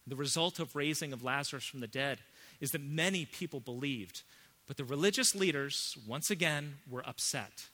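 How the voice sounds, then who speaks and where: A man preaching a sermon as pastor, emphatic, swinging between hushed and loud. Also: a little high, normal speed.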